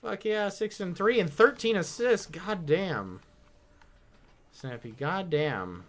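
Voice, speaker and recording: Man, gaming streamer, bright voice, slightly high, rambling casual chat, mimics quotes. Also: animated, takes it slowly. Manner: swears freely.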